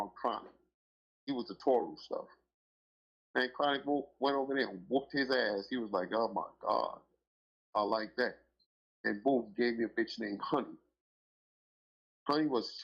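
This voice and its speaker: Brief: husky middle-aged man, rambling profane storyteller, dull lo-fi podcast audio. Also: medium pitch. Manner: profane, rambling and emphatic, with many filler phrases.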